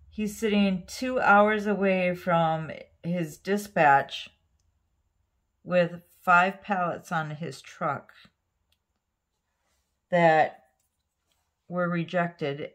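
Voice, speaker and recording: A woman nail art vlogger chatting casually while doing her nails, telling a rambling story with lots of fillers and sometimes dropping to a soft near-whisper as she works. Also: on the low side.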